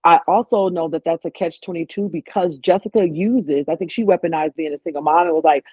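A woman's voice: fairly low pitch, fairly quick, husky, no echo. A woman guest in a casual chat, talking animatedly and acting out what others said. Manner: animated, acts out quotes. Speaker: podcast guest. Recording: tinny phone-like line, dry.

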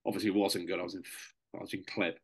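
Young bloke, really low voice, chatty and sweary, telling a story on a podcast. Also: male voice, flat delivery, very fast, husky. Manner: swears freely, chatty and matey. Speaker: podcast guest, serving soldier. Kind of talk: casual storytelling.

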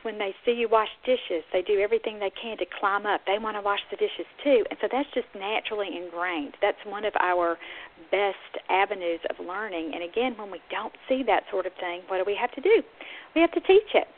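A woman's voice: mid-range voice, fairly quick. A middle-aged woman, a speech-language pathologist, earnestly teaching listeners and talking straight to them. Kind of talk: podcast teaching talk. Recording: phone-like narrow sound.

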